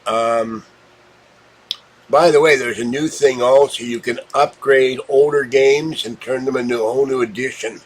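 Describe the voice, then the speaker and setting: A man's voice: mid-range voice, fairly even intonation, moderate pace, breathy edge, poor audio. A man from Pittsburgh hosting a casual unboxing vlog, talking to the camera in a rambling, meandering way. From Pittsburgh, USA. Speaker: channel host.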